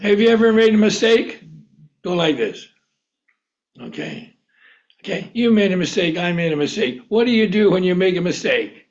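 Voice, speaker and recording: A man's voice: high-pitched, expressive, normal speed, long pauses. A man teaching a Bible lesson, asking the group questions and chuckling often. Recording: dull lo-fi recording.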